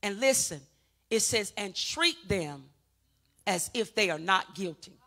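A woman pastor preaches a sermon, rousing her congregation with call-and-response and swinging between loud, emphatic peaks and quiet teaching. Her mid-range voice is expressive and a little slow.

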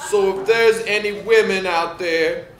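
A man playing a dim but earnest young football player who talks in slow, simple broken phrases with a slightly high voice. The sketch is recorded in an echoey room with faint noise behind. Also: fairly even intonation. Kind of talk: sketch comedy acting. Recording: roomy studio echo.

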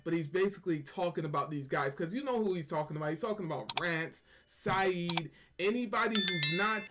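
A man's voice: a little high, a little fast, background noise. A man hosting a fan channel, giving loose, casual reaction commentary and repeating himself as he talks.

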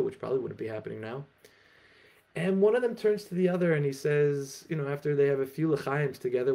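A man giving an animated Torah lecture and telling stories emphatically at an online festival. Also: medium pitch, creaky. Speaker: Torah teacher.

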